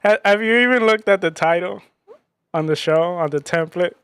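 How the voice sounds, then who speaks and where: A man's voice: high voice, moderate pace, a bit bright, clean tone. A man on a gaming podcast who teases the host between laughs. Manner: teasing, laughing. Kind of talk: casual gaming podcast chat.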